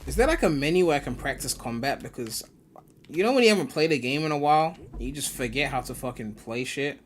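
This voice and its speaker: A man's voice: on the high side, expressive, fast talker, a little hiss or hum. A young man from the UK with a mixed British and West African accent, casually rambling and swearing as he streams a game. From United Kingdom. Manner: laid-back, swears freely, rambling asides. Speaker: gaming streamer. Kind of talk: casual live-stream commentary.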